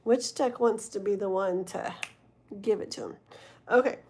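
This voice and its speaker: A young livestream tarot reader with a mid-range, slightly mellow voice talks at normal speed. Tired and yawning, she chats casually with her live chat between readings, rambling, giggly and laughing often.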